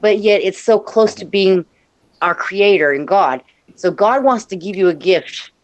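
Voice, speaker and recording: A woman's voice: mid-range voice, expressive, measured pace, no echo, dull audio. A woman with a mid-range voice talks casually and chattily on a live stream. She laughs at herself and keeps tripping over her own sentences. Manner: chatty, self-deprecating, tumbling over her words.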